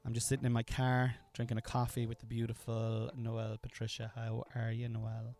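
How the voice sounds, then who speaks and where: A man's voice: mid-range voice, completely flat delivery, brisk, darkish tone. Irish male podcast host, 30s, jokey, loose casual chat. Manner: self-mocking, restarts takes a lot. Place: kitchen, then parked car.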